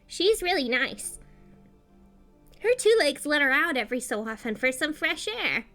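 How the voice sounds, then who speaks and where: A woman's voice: high voice, sing-song, measured pace, fairly bright tone, soft background music, full character voice. A woman voicing an easygoing, scruffy male cat who chats cheerfully.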